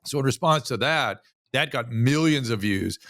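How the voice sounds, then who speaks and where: A physician from the United States speaking as an interview guest, telling a story animatedly with frequent restarts. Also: male voice, mid-range voice, animated, moderate pace, a bit bright, dry recording, clean studio sound. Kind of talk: casual interview conversation.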